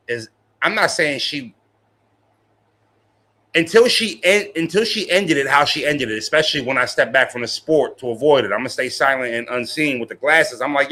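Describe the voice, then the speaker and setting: A man's voice: medium pitch, normal speed, pushed and bright. A young man live-streaming, chatting casually with his viewers in slangy, profane talk and laughing often.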